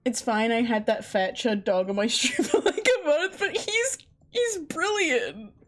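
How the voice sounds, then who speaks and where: A woman's voice: a little high, lively intonation, a little slow, fairly bright tone. A woman livestreamer chatting casually, incredulous and chatty, swearing often. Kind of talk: casual stream chat.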